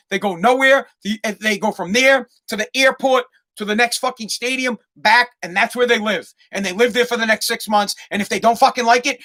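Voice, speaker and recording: A man's voice: very high voice, sharp tone. Swearing, fired-up male podcast ranter. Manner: heated, ranting, swears constantly. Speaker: podcast host. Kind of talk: profane solo podcast rant.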